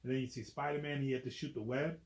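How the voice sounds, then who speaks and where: A relaxed young man reading a picture book to children in a casual, chatty way. He pauses to explain the pictures and keeps checking in with little questions, his voice at an average pitch. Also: vocal fry, echoey room. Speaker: volunteer reader. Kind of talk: children's read-aloud.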